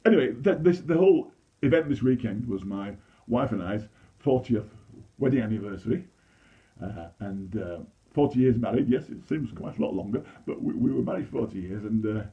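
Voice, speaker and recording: A man's voice: mid-range voice, gravelly. A man in his sixties speaks in a Yorkshire accent, performing stand-up comedy in a chatty, self-deprecating way with frequent restarts. His voice sits in a middling register. The recording sounds a little dull and lo-fi. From Leeds, England. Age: 60s. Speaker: amateur comedian.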